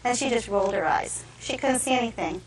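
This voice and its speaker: A woman defendant giving courtroom testimony, retelling events in an animated way and acting out the quotes. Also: on the high side, brisk. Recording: echoey courtroom from far off.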